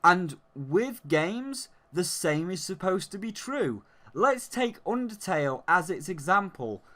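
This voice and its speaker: Slow, heated man ranting about games. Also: high voice, sing-song, pushed and bright. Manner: heated, profane ranting with emphatic lists. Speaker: game reviewer. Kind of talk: ranting video review.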